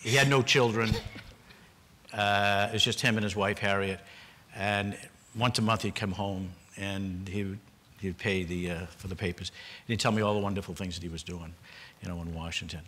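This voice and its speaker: Older Boston man, panel storyteller, earnest, bright and lowish voice. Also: fairly even intonation, normal speed, a little hiss or hum. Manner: earnest, with repeated restarts and brief laughs. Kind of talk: personal storytelling at a public forum.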